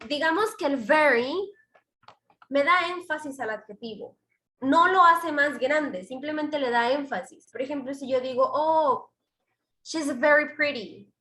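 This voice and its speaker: An English teacher, female and Spanish by first language, talks in a high, bright voice that echoes around her room. Her online class is bilingual, and she explains slowly while mixing the two languages.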